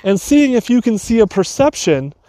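A man with a high voice talks through advice like a coach, rambling and doubling back on himself. A light hiss of noise sits under the recording. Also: big pitch swings, normal speed, mellow. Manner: loose, rambling, with restarts and asides. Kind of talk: casual advice talk.

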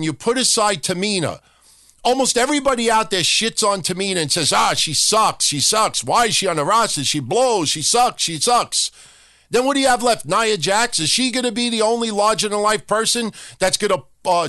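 A man's voice: sits high, pushed and bright, no room sound, studio quality. A man hosting a podcast, ranting profanely and mocking people by acting out their lines. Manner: profane, mocking, acts out other people's talk. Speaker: podcast host. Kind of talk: opinionated rant.

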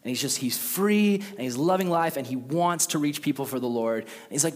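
A young man preaching a casual youth sermon who tells stories with lively voices for the characters. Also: normal speed, long reverb tail. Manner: animated storytelling, acts out characters with jumps in pitch. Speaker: youth pastor.

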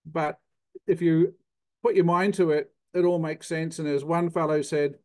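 A man's voice: on the high side, moderate pace, mellow. Older New Zealand man, plainspoken. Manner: plainspoken, self-deprecating explaining. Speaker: guest, cheese consultant. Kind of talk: technical interview talk.

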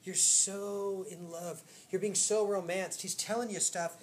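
A woman pastor preaching in a church, chatty and laughing, swinging from loud storytelling to hushed intimate moments. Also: medium pitch, fairly even intonation, unhurried. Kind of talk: sermon. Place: church sanctuary.

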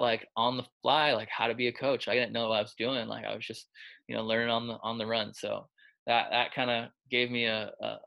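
This quarterback coach has a gravelly, medium-pitched voice that sounds pushed and bright. In a casual interview he rambles through stories in a chatty style, full of fillers, acting out what people said.

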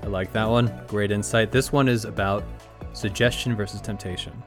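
A man hosting a spiritual podcast, talking in a calm, gently instructive way. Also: lowish voice, moderate pace, music in the background. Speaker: podcast host.

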